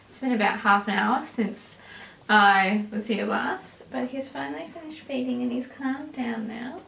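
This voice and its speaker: A woman's voice: high voice, vocal fry, a bit bright, slight background noise. A young woman vlogger telling a personal story to camera in a chatty way, with many ums and likes. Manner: chatty, many "um"s and "like"s, bursts of laughter. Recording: echoey room.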